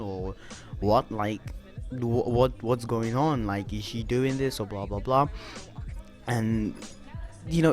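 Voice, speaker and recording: A young man ranting in a YouTube commentary video, swearing often and using lots of filler words. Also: mid-range voice.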